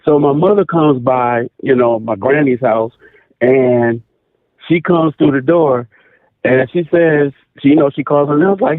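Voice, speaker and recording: A man's voice: mid-range voice, a little slow, no echo. Man telling a story over a tinny phone line. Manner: animated, repeats phrases for emphasis. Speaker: caller. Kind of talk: casual storytelling.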